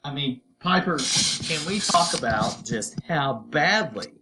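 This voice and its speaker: A man's voice: on the high side, lively intonation, slow, background noise. Casual, chatty male history teacher. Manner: casual and conversational, with playful asides and voiced quotes. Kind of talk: recorded history lecture.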